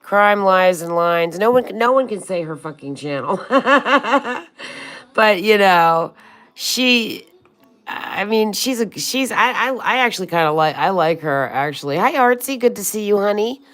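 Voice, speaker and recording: A woman's voice: medium pitch, expressive, normal speed, a bit bright. A woman in her sixties hosting a casual livestream, chatting with viewers and calling them honey and sweetheart, with a swear here and there. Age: 60s. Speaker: livestream host. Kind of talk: casual livestream chat reading comments.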